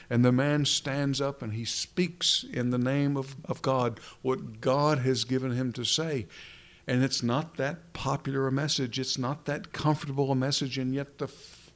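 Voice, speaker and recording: A man preaching from a pulpit microphone in a sermon. His delivery is dramatic, slowing down on key words and sinking to a hush for emphasis. His voice sits at an ordinary middle pitch for a man. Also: creaky. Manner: dramatic preaching, slows down for emphasis, drops to a whisper at times.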